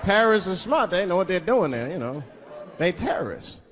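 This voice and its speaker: Animated male stand-up comedian. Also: fairly quick, big-room sound. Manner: animated storytelling with sudden voice shifts and drops to low asides. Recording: live stage mic with crowd laughter.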